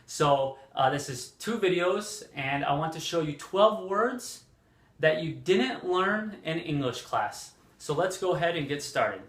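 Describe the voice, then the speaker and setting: Man teaching English, very slow and deliberate, slightly higher voice, echoey room. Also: lively intonation, a bit bright. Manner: deliberate, repeats examples, frequent fillers. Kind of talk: slow, clear language lesson.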